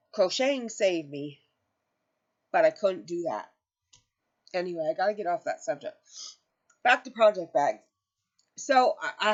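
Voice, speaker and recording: A crochet channel host chats casually to camera, rambling and correcting herself as she tells stories, emotional and close to tears. Her voice is low, and the audio sounds dull.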